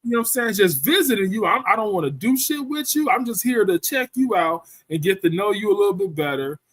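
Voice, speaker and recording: A man with a slightly higher voice tells a rambling, profane story in a loose, chatty way. He keeps tossing in "you know what I'm saying" between thoughts. The sound is dry and close, with no room around it. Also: very animated, a little fast, a bit bright, no echo. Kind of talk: casual storytelling rant.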